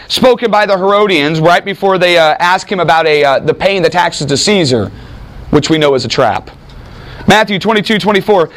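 A man preaching in a conversational Bible teaching, talking with his listeners and acting out quoted speakers with lively emphasis. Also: high-pitched, a little fast. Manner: animated, acts out quoted speakers, frequent restarts. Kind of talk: conversational sermon with audience interaction.

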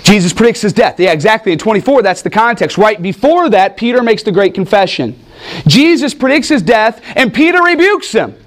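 High-voiced man teaching scripture. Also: a little fast. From United States. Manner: animated, jokey asides, asks the room questions. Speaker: preacher teaching a Bible study. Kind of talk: teaching sermon with audience questions.

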